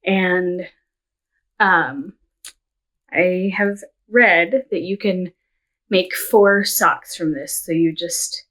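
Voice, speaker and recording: A woman in her thirties talks slowly and thoughtfully about her reading and crafts, filling gaps with soft ums and small laughs. She sometimes grows emotional and near tears, yet keeps a gentle, casual tone. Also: fairly low pitch. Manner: unhurried, reflective, with many ums and soft laughs. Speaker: vlogger, homeschool mom.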